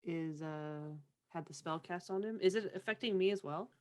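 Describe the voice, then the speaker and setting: Female player, hesitant and questioning, slightly low voice. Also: normal speed, a little mellow. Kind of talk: tabletop game play.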